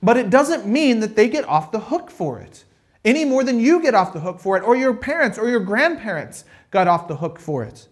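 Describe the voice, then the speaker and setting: A male pastor delivers a sermon in a loose, conversational way, breaking into little acted-out voices for the people in his story. His voice sits high for a man and swings widely in pitch. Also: moderate pace. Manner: conversational, animated, acts out quotes.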